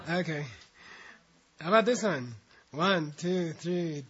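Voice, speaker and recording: A man's voice: on the high side, slow, dull audio, a crowd in the background. A man teaching a language class, reading out syllables, counting the students in and adding chatty asides.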